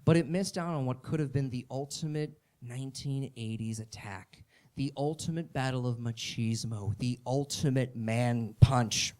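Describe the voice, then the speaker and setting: A man performing an excitable comedy monologue, often building up to shouts. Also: medium pitch.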